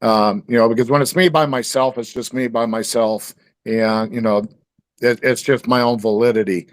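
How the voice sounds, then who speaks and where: A man telling a story in a loose, rambling way, full of fillers and restarts. His voice is close and dry, with no room sound. His pitch sits in the middle. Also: fairly even intonation, normal speed, no echo. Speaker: guest. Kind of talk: storytelling in casual conversation.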